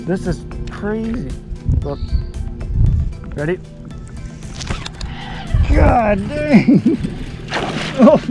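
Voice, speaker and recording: A man's voice: high-pitched, very animated, very slow, long pauses, over loud music. A man on a kayak fishing, exclaiming giddily and laughing at each catch. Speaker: angler filming a fishing video. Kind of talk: excited outdoor fishing chatter. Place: on a kayak on a lake outdoors.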